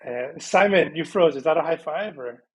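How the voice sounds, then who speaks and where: Husky-voiced man telling his story. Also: on the high side, normal speed, rough recording. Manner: lively storyteller who acts out conversations. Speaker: podcast guest. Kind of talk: casual storytelling interview.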